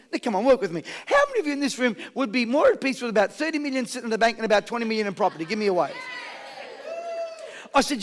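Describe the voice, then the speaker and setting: A man with a very high voice runs a motivational seminar. He talks with constant energy, calls on the audience to answer and repeat after him, and drops jokey stories along the way. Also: very fast, a little hiss or hum. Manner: energetic call-and-response with the crowd; jokey storytelling. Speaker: motivational speaker. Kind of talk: live seminar talk.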